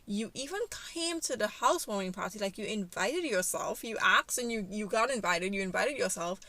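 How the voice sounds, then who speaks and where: A woman voicing an angry adult man confronting his former girlfriend in a narrated life-sim story, speaking loud and indignant. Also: mid-range voice, lively intonation, moderate pace, dry recording. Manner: indignant, raised voice.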